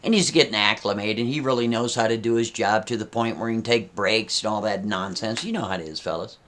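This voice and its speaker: A man's voice: fairly low pitch, fairly quick, a bit bright, a little hiss or hum. A man telling a story casually, talking straight to his listeners with frequent asides. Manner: conversational, addressing listeners with asides.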